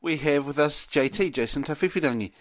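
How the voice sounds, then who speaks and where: Host: higher-voiced New man, sing-song, dry close sound, faint music under. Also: a little fast, no room sound. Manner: easygoing, sing-song introductions. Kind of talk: casual sports chat.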